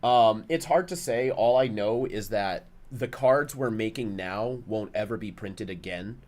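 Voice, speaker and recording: A man co-hosting a live stream in casual chat, relaxed and answering viewers' questions with plenty of fillers. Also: on the low side, a little slow.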